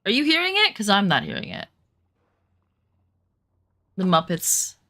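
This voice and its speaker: A woman's voice: medium pitch, huge pitch swings, measured pace, pushed and bright. A woman chatting casually to her viewers while streaming a survival game, rambling with lots of fillers. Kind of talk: casual gaming stream chat.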